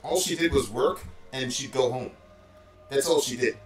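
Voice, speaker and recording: A man's voice: mid-range voice, normal speed, recorded from a distance. Male guest, casual storyteller who leans on "like" and "bro"; roomy off-mic sound with faint music. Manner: loose, filler-heavy, says "like" and "bro" constantly. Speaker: former call center supervisor.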